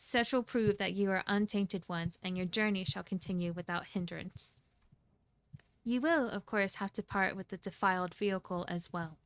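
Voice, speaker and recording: A woman's voice: medium pitch, normal speed, smooth, close to an everyday voice. A woman reading the lines of a zealous armored male inquisitor who gives solemn, archaic commands. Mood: stern. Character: stern armored male religious enforcer, zealous.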